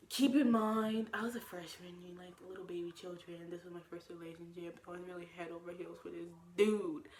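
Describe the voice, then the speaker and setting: A young woman telling a story in a casual vlog, talking animatedly with lots of fillers and acted-out quotes. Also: fairly low pitch. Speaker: vlogger.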